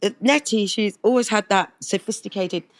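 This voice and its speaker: A middle-aged woman, a singer being interviewed, tells animated stories and keeps breaking into laughter. She slips into little voices and sung scales as she goes, at an ordinary middle pitch. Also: normal speed. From England. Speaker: singer, guest. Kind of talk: interview storytelling.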